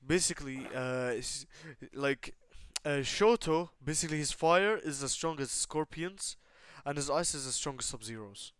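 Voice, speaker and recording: Rambling young man, smooth and dry. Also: a little high, normal speed, hardly any pauses, fairly bright tone, no echo. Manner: rambling, filler-heavy, swears casually. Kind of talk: casual chat, retelling a made-up story.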